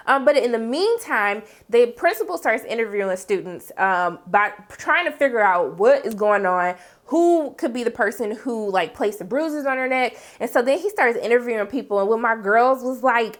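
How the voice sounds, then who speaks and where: Animated slangy woman recapping a show. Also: fairly high pitch, moderate pace. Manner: animated, slangy, acts out characters' lines. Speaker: TV review host. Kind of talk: casual recap commentary.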